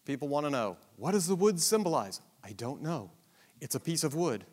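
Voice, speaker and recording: Brief: male Bible teacher, higher-pitched voice, emphatic and chatty, long reverb of a hall. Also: very animated, normal speed, a little mellow. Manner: conversational, emphatic, with rhetorical questions and asides. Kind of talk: Bible survey lesson.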